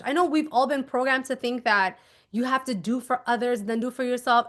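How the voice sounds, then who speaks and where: A woman's voice: fairly high pitch, fairly quick. A woman manifestation coach talking through her method in a casual teaching monologue. She is emphatic, repeats her instructions and keeps checking in with "okay?". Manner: animated, acts out little scenes.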